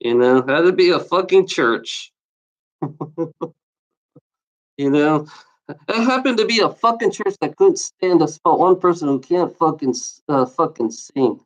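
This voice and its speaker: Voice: mid-range voice, lively intonation, measured pace, long pauses, low-quality recording. A vlogger reading out odd laws and ranting about them, swearing constantly and scoffing in exasperation. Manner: scoffing laughter between readings.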